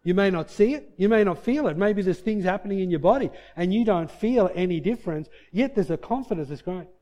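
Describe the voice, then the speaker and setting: Preacher man swinging from hushed to shouting. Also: expressive, a little fast. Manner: storytelling, shifting between soft low passages and loud shouted peaks. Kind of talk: sermon.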